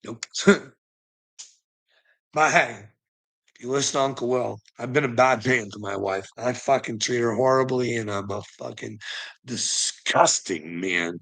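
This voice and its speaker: A man rants to the camera in a loose, rambling monologue, swearing freely and chuckling between thoughts. His voice has a bright, forward edge. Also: medium pitch, normal speed, gravelly, long pauses, poor audio. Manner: profane, rambling, laughs between phrases. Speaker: vlogger.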